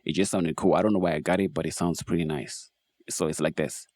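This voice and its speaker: A man casually walking through how he built a beat, in a laid-back, relaxed way, as host of a production tutorial. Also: low-pitched, fairly quick, no echo, clean studio sound. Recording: faint music behind voice. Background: beat playback.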